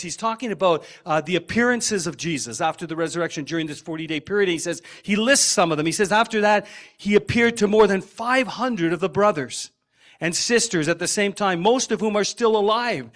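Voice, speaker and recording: Emphatic preaching man, higher voice. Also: a little fast. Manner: emphatic, repeats phrases, warm asides to the congregation. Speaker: pastor. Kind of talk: sermon. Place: church sanctuary.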